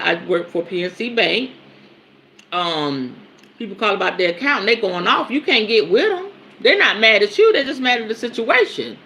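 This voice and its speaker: A woman hosting a spiritual talk show, speaking in a casual, emphatic teaching style with frequent swearing and laughter. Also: slight background noise. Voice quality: lively, animated pitch swings. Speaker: podcast host and spiritual teacher. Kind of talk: casual spoken teaching monologue.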